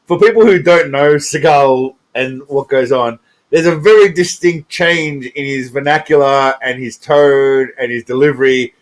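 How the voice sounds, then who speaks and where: A man hosting a reaction video, giving loose casual commentary and swearing as he wanders off on tangents. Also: fairly high pitch. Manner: rambling, profane, chuckling, goes off on tangents. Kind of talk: casual commentary over clips.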